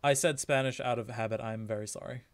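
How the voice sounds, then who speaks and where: A man's voice: medium pitch, steady tone, fast talker. A man streaming a game, chatting casually and telling jokes and stories. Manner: joking, chatty storyteller. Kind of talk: casual chat.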